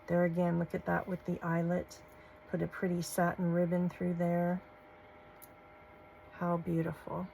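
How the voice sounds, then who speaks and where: A woman, gushing softly as she shows off craft supplies in a casual vlog. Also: lowish voice, monotone, measured pace, creaky, long pauses, slight background noise, poor audio. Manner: gushing, soft-spoken, folksy. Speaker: crafting channel host. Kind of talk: casual show-and-tell vlog.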